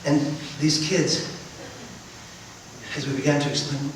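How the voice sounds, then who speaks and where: A man giving a motivational talk, telling a story emphatically and swinging between hushed and loud, excited passages. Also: mid-range voice, a little slow. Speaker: motivational speaker. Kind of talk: storytelling talk to a live audience. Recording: echoey room, mic far off, background noise.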